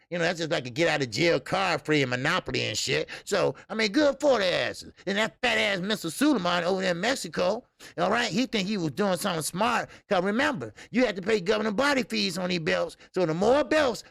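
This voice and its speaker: A man with a heavily gravelly voice and a somewhat high pitch, hosting a casual boxing livestream. He talks bluntly and profanely, laughs often, and rambles with plenty of fillers. The sound is dry and close. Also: a bit bright, no echo. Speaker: boxing channel host. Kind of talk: casual livestream commentary reading chat.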